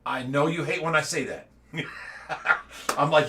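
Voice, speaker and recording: A man's voice: fairly high pitch, steady tone, a little slow, bright, forceful tone, slight background noise. A middle-aged man from the United States giving a casual livestream update, rambling and repeating words, with laughs between his stories. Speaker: fish rescue owner giving an update.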